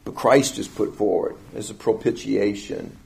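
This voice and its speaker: A male preacher walks through scripture in an expository teaching style. His delivery is emphatic, climbing on key phrases and then dropping back. He slows down deliberately to press each point home. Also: fairly low pitch, creaky, a little mellow. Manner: emphatic, rising and falling delivery with deliberate slowing on key words.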